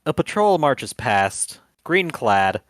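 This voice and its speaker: Slow lively-voiced game master. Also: male voice, mid-range voice, dry recording, clean studio sound. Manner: theatrical narration. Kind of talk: narrating a tabletop game.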